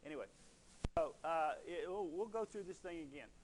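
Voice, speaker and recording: A man's voice: fairly high pitch, fairly quick, slight background noise, rough recording. Chatty Texan man lecturing. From Texas. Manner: chatty, rambling into joking asides. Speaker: teacher. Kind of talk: classroom lecture.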